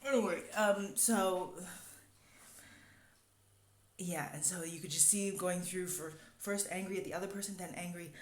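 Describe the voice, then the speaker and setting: A young woman tells a story in a loose, rambling way, full of fillers. Her voice sits on the low side. The sound is roomy and echoey. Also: moderate pace, pauses often. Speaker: vlogger. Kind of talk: casual storytelling. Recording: echoey room.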